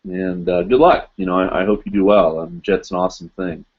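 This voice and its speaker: Low-voiced man rambling on a live stream. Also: fairly even intonation, brisk, slightly rough, phone-quality sound. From United States. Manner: rambling, with many fillers. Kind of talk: casual live-stream chat.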